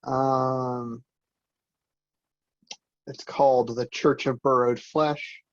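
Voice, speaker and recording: A man's voice: medium pitch, little pitch movement, very slow, no echo. Man reading surreal prose, lo-fi dry audio. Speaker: writer reading a collaborative piece. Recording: dull lo-fi audio.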